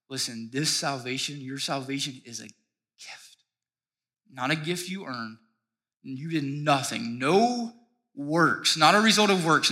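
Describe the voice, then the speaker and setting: Bright-voiced preaching pastor, a man. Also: on the high side. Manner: preaching with rising, excited emphasis. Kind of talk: sermon. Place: church sanctuary stage.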